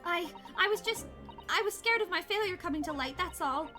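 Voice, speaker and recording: A woman's voice: very high voice, lively intonation, brisk, over music, voice pushed up. A woman reading game dialogue aloud as an earnest young male lawyer, in theatrical, self-reproaching outbursts.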